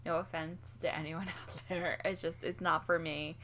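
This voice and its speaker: A woman's voice: fairly low pitch, little pitch movement, normal speed, fairly bright tone, a little hiss or hum. A young American woman co-hosting a casual Q&A chat with her husband, easygoing and often laughing at herself. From United States. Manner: laughing, easygoing, self-deprecating. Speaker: co-host, host's wife.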